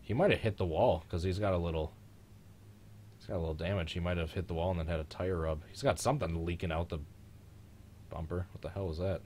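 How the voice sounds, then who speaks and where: A young man hosts a live race reaction stream, his voice sitting low and deep. He jokes around, gets excited at the action, and lets slip the odd curse. A faint background hiss runs under the talk. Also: fast talker. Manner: joking, excitable, mild swearing. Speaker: host of a live-streamed racing reaction show.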